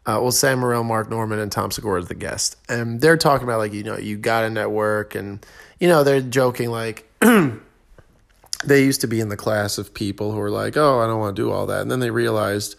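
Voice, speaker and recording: A man's voice: on the low side, a little fast, vocal fry. A young adult man, a stand-up comedian, rambling through a casual solo podcast monologue with self-deprecating asides and many fillers.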